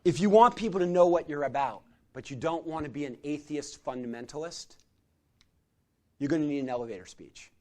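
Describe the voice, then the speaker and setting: Animated middle-aged male storyteller, higher voice. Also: fairly quick. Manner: animated storyteller who swings from loud chanting to quiet intensity. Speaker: secular humanist chaplain and guest speaker. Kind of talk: storytelling sermon-style talk. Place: community gathering hall.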